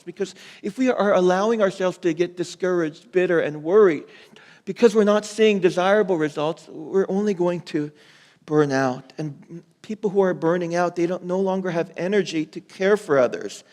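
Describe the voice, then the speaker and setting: Male pastor, casual animated preaching, higher voice, echoing hall sound. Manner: conversational preaching with animated asides. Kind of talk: sermon. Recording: long hall reverb.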